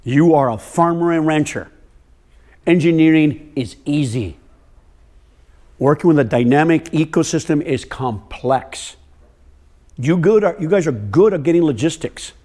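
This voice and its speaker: A man's voice: a little high, animated, a little slow, pauses often, mellow. An older man giving a workshop lecture to farmers, telling stories and firing questions at the audience. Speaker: workshop presenter on soil health. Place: workshop room with a live audience.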